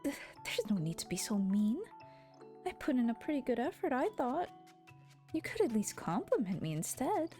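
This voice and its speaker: Woman voicing a peppy young foreign woman, earnest, stammery, higher voice, soft mellow tone, faint music behind. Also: very animated, normal speed.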